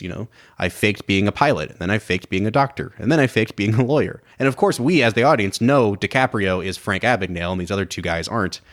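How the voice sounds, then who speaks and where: A man co-hosting a film podcast, chatting casually and breaking into quick impressions of lines from the movie. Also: fairly low pitch. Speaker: podcast co-host.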